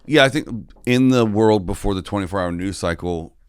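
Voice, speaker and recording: A man's voice: on the low side, brisk, smooth, no echo, clean studio sound. A man on a comedy podcast, giving opinionated, wry takes and swearing freely. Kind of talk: casual podcast chat.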